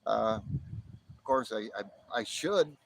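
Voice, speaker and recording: On his live stream, a host from near the Canadian border in the northern United States rambles, chuckles a lot, and keeps restarting sentences. His voice is lowish, gravelly, animated and slow, and the poor audio carries a slight hiss or hum.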